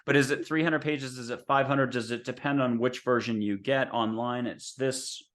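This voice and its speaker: A man hosts a spiritual interview show in a gentle, reflective voice of middling pitch. He muses aloud between questions and draws his guest out softly. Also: fairly even intonation, normal speed. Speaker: host.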